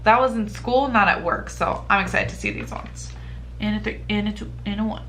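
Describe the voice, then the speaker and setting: A woman hosting a reaction video, reacting to stories with loud disbelief and lots of cursing. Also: medium pitch, a little fast, slight background noise. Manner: loud, incredulous outbursts and cursing. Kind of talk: casual reaction commentary.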